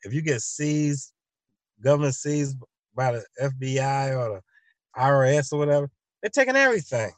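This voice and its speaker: A man's voice: medium pitch, lively intonation, normal speed, dry recording. Rambling comic storyteller, a man, dry sound. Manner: acts out both sides of imagined conversations; loose, repetitive storytelling with many restarts. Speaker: show host.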